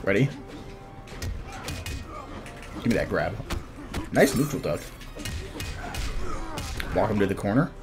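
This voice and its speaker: A young man giving live commentary over his fighting-game matches, casual and self-critical, muttering under his breath and then yelling out at big moments. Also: lowish voice, animated, slow pace, long pauses, music in the background. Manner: reactive, swings from muttering to sudden shouts. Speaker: gameplay commentator.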